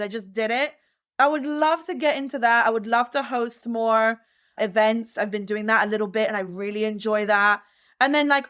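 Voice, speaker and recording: A woman's voice: a little high, fairly bright tone. A woman in her thirties, a dancer, talking in a chatty, upbeat way as a guest in an interview, often saying "like". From France and the United States. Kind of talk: relaxed interview conversation.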